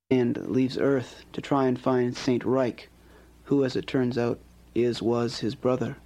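A man reads his poems aloud. His delivery is measured and incantatory, with long pauses between lines. His voice sits at an ordinary middle pitch. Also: little pitch movement, dark tone, rough recording. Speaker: poet. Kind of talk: poetry reading.

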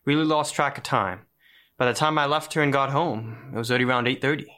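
Nervous young small-town guy played by a man, bright forceful voice, keeps hesitating. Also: medium pitch, fast talker, close to an everyday voice. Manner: hesitant, stumbling with "uh".

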